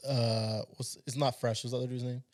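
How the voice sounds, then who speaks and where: A man's voice: mid-range voice, little pitch movement, a little fast, a little mellow. A young man co-hosting a podcast, chatting in a laid-back, agreeable way. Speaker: podcast co-host. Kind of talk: casual podcast chat.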